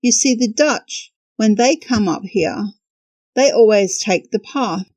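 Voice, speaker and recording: A woman voicing a cheerful little old male drink seller who speaks broken English in a bright, eager way. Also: medium pitch, slow, no echo. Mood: gleeful.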